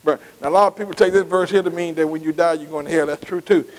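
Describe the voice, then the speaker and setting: Preacher guy, high voice, keeps asking am i right. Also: fairly even intonation, fast talker, poor audio. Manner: call-and-response preaching, repeats phrases. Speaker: pastor. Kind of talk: sermon.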